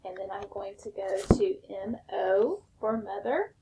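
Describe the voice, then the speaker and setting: A woman teacher giving a recorded spelling lesson, slow and patient, step by step. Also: mid-range voice, expressive, gravelly, noisy background.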